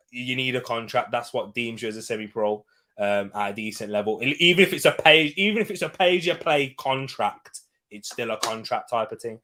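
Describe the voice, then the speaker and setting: Young guy doing a live footy watch-along, bright punchy voice, rambly chat. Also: medium pitch. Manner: chatty and rambling, with quick bursts of excitement. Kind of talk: casual live-stream chat and match commentary.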